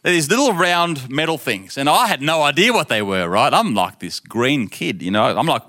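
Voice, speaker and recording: A middle-aged man preaching to his congregation in a loose, chatty storytelling way. His voice is bright and forward, and he slips into quick impressions of the people in his tale, often laughing along as he goes. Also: fairly high pitch, big pitch swings. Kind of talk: storytelling sermon.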